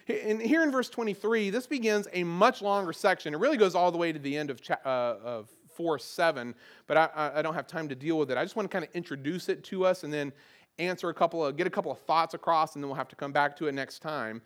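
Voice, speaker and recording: A man's voice: on the high side, fast talker, fairly bright tone. A middle-aged man with a Southern American accent, preaching a conversational sermon and often repeating words as he restarts a phrase. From Southern United States. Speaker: pastor.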